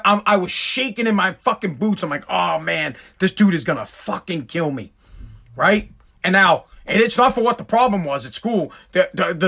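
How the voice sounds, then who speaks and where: A man's voice: sits high, sharp tone. A man telling an exasperated, profane stand-up story. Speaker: stand-up comedian.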